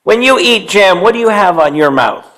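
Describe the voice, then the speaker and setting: A man telling a story to young children, animated and stopping to quiz them and have them join in. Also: high-pitched, normal speed. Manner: animated, quizzes young listeners.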